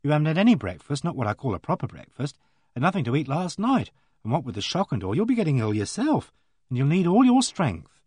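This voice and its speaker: A man's voice: on the high side, sing-song, fast, a little mellow, breathy edge, no echo. A man doing a fussing, kindly young woman. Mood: coaxing. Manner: fussing, earnest chatter.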